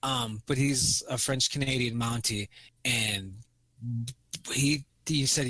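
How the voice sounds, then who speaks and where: A man's voice: mid-range voice, slow pace, pushed and bright, no room sound. Casual, profane man on a podcast. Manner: rambling, profane, acts out quotes. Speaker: podcast co-host. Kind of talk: casual movie chat.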